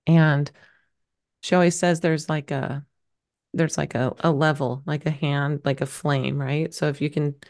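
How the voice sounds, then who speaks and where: A woman's voice: low voice, flat delivery, a little slow, a little mellow. A middle-aged woman talking as a podcast guest, telling a personal story candidly, rambling a little with many fillers. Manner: emotional, rambling, lots of fillers.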